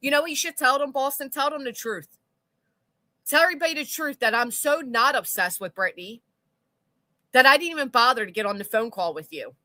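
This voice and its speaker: A woman's voice: high-pitched, expressive, a little fast, pushed and bright, no echo. A woman hosting a livestream, reading chat comments aloud with blunt, sarcastic commentary and casual swearing. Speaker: commentary channel host.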